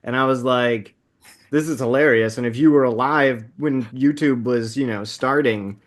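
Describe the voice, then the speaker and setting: A man in his thirties co-hosting a casual movie podcast, upbeat and laughing often as he recaps the plot at a quick clip. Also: mid-range voice. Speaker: podcast co-host.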